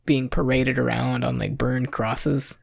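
A man's voice: mid-range voice, little pitch movement, measured pace, gravelly, no echo. A young adult man co-hosting a podcast, chatting casually about a movie in a rambling way full of fillers. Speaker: podcast co-host. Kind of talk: casual film chat.

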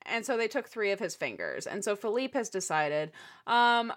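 Bright lively woman on a book podcast, voice swoops all over, chatty and exasperated. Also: medium pitch, normal speed. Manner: expressive, exasperated commentary with laughs. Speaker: podcast co-host. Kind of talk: casual book recap chat.

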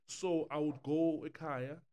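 A man's voice: a little high, fairly even intonation, a little slow, dark tone, lo-fi sound. Young south african guy on a podcast, easygoing storyteller, mixes english and zulu. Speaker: guest. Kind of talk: casual podcast chat.

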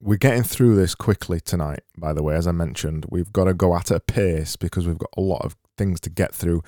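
A man's voice: sits low, brisk, dark tone. A man hosting a casual solo podcast, reading out listener messages with dry, self-mocking humour. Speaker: podcast host.

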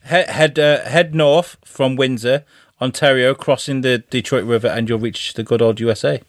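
A man's voice: mid-range voice, fairly even intonation, normal speed, dry recording, studio quality. A man with a British accent, co-hosting a podcast in casual, swearing banter, laughing often. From England. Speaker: podcast co-host.

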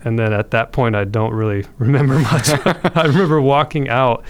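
A man's voice: mid-range voice, steady tone, normal speed, clean tone. A man, a podcast guest, telling his conversion story in an earnest, reflective way with frequent restarts.

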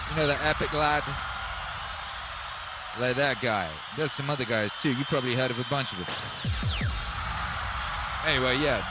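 A man hosting a live music stream, chatting in an excitable, rambling way and breaking into shouts. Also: mid-range voice. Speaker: music livestream host. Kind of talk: hyped live stream chat over music. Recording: music playing loudly behind.

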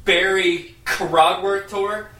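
Casting: high, bright man talking slowly, off-mic in an echoey room. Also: fairly even intonation, recorded from a distance. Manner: crude, shouting, slow drawn-out delivery. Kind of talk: casual chat.

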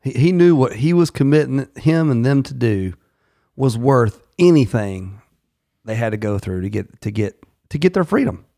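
A man co-hosting a business podcast, explaining in a relaxed, storytelling way. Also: medium pitch, normal speed, no echo, clean studio sound. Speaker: podcast co-host. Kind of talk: casual chat.

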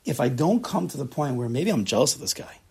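A man teaching a Torah class to a room of listeners, animated and acting out people's inner voices, with Hebrew terms mixed in. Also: mid-range voice, fast, vocal fry, slightly rough. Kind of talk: classroom lecture with student questions.

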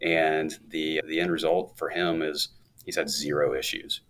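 His bass voice is fairly bright, delivered flatly and at a measured pace. As a guest on an interview show, the thirtysomething law firm owner narrates his story cheerfully and conversationally, with the odd laugh.

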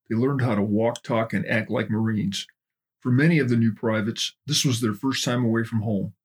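A man narrating a documentary in a steady, measured way. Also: mid-range voice, husky. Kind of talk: documentary narration with book readings.

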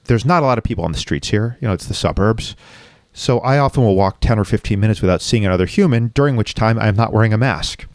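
A man with a lowish voice tells a painful personal story in frank, unguarded conversation. He is reflective and swears freely. His voice sits close and dry on the mic, with no room sound. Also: fast talker, dry recording. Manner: raw, reflective, frequently profane.

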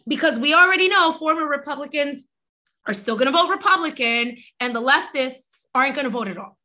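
A woman co-host with a high, bright, forceful voice. She talks bluntly and with exasperation, swearing freely as she tells people off. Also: lively intonation, fairly quick. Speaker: podcast co-host. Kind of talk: heated casual panel chat.

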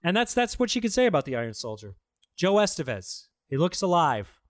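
A man's voice: fairly high pitch, sing-song, a little fast, dry recording. A man in casual podcast chat, reviewing a bad movie with profane, sarcastic jokes. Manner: profane, sarcastic, mocking impressions.

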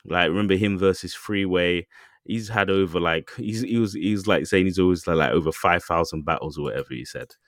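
A man's voice: low voice, brisk, fairly bright tone, dry recording, clean studio sound. A man co-hosting a podcast, telling a story loosely with lots of fillers and asides. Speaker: podcast co-host. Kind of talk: casual chat.

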